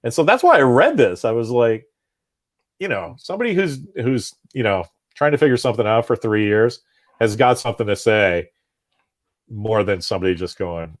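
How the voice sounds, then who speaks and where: A man with a lowish voice and moderate pace joins a casual comics conversation as a guest. Talkative and animated, he speaks at length and often finishes a thought with "right?".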